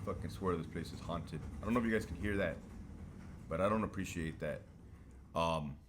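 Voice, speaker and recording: A man's voice: deep voice, normal speed, slight background noise. A man hosting a casual monologue to camera, talking in a blunt, profane, streetwise way. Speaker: host.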